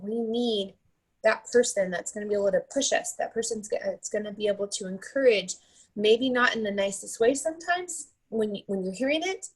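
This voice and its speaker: A woman's voice: mid-range voice, husky, poor audio. A woman in her thirties tells a motivational story in a chatty way, often tagging her points with "right?" and "like". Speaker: team leader giving a motivational talk.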